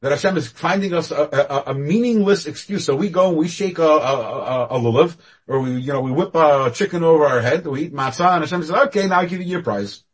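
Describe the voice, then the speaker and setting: A husky man with a fairly high voice teaches an online Torah class over a video call. He speaks animatedly, jumping up in pitch and loudness, then dropping low. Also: brisk. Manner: animated, with sudden rises and falls in loudness.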